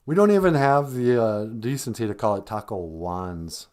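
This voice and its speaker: He's a live stream host from northern Minnesota, joking around in casual, rambling chat and laughing a lot. The voice is lowish and animated, a little mellow, moving at a moderate pace.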